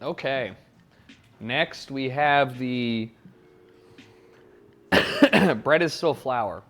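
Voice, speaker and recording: A man with an expressive mid-range voice takes his time, leaving long pauses. He's live-streaming from his home kitchen on a wired mic while he cooks, swearing freely, rambling and talking back to his chat.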